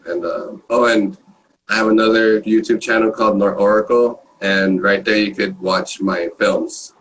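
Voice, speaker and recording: Laid-back low-voiced guest artist. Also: male voice, fairly even intonation, moderate pace, a bit bright, recorded from a distance, a little hiss or hum, low-quality recording. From Los Angeles. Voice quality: surfer-style voice. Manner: laid-back, swears casually, many "um" and "like". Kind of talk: casual chat.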